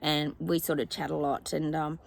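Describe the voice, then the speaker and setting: A woman's voice: low-pitched, little pitch movement, normal speed, vocal fry, a little hiss or hum, low-quality recording. An Australian woman vlogging outdoors in her yard, casually chatting with her viewers as a psychic, rambling and calling them "guys".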